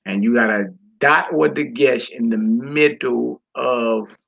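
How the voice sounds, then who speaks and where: A man's voice: mid-range voice, a little slow, gravelly, fairly bright tone, muffled recording. A man teaching a class from a Hebrew textbook, reading passages aloud and explaining them with casual, folksy asides to the listeners.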